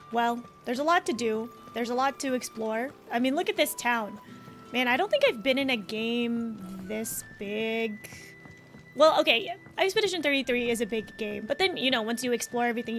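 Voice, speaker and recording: A woman streamer giving excitable, giggly, casual commentary on a game she is playing. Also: fairly high pitch. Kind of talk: live let's-play commentary.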